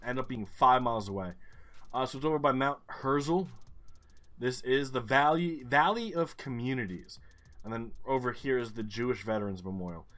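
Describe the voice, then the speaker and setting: A man's voice: mid-range voice, a bit bright. A man commentating his own gameplay, thinking aloud, swearing and getting frustrated.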